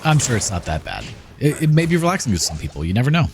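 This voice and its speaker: A man hosting a gaming channel, chatting in a relaxed, rambling way as he comments over gameplay. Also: mid-range voice, fast, background noise. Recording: game music playing behind. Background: game music.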